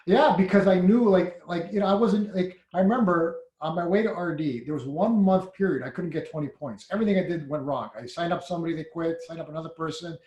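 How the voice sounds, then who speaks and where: A man in a conversational interview, an animated storyteller who laughs and gets loud when excited. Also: on the high side, fast, few pauses, roomy sound, highs cut off. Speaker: senior network marketing leader.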